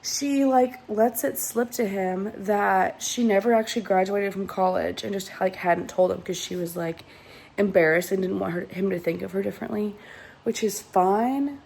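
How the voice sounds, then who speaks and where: A woman with a gravelly, fry-heavy voice and a dark, mellow tone, rambling through a casual, exasperated book vlog. She leans on filler words constantly. A faint hiss sits under the recording. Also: medium pitch, normal speed, rough recording. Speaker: book reviewer.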